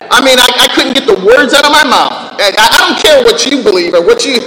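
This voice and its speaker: A pastor preaching a sermon, animated, swinging from loud outbursts to quiet low reading of scripture. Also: male voice, fast talker. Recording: echoey hall with long reverb.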